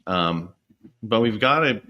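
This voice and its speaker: A male podcast co-host with a fairly low voice reflects on what he has heard. He talks thoughtfully and haltingly, and often starts his sentences over. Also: animated, dull audio. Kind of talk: reflective interview talk.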